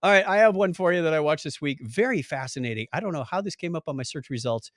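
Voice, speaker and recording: A man's voice: a little high, dry recording, clean studio sound. A man hosting a podcast, joking around casually and rattling off lists of names. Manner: jokey, animated, rattles off lists quickly. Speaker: podcast host. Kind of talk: casual chat.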